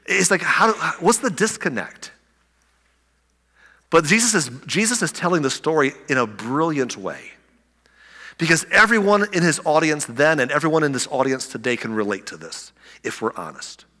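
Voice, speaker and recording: A man preaching a sermon, animated and conversational, acting out the scripture with asides. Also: a little high, normal speed. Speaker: pastor. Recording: echoey hall.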